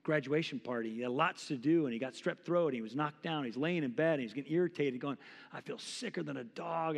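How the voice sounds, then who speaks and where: A man's voice: a little high, long reverb tail. A man in his forties preaching a sermon as pastor, impassioned and conversational, acting out quotes. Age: 40s. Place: church sanctuary.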